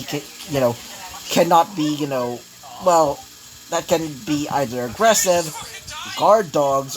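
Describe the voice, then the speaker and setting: A man's voice: on the high side, poor audio. Rambling man narrating a fan story. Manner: rambling, constant fillers, frequent restarts.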